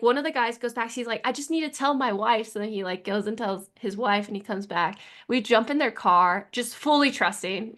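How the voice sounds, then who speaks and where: A woman with a slightly high voice tells a story on a podcast in easy, casual chat. She talks in an animated way and packs her sentences with "like.". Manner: animated, filler-heavy with constant "like". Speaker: podcast co-host.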